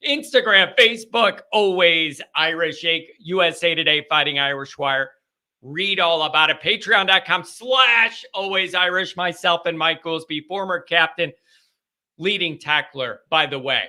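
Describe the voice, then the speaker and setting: Bright, high-voiced male sports host. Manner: rapid, chatty plugs and asides. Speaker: host of a sports call-in show. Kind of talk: casual live call-in talk.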